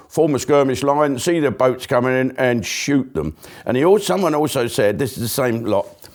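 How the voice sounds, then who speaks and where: A man with a fairly low voice hosts a live comedy stream. He rambles from one aside to the next, chatty and sweary, and breaks into laughter at his own jokes. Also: darkish tone. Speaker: host. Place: broadcast studio.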